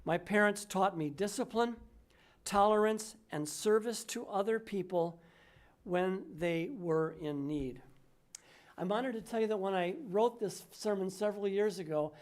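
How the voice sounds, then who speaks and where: An older woman minister delivering a sermon, measured and emphatic, slowing down on key words. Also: medium pitch, a little mellow.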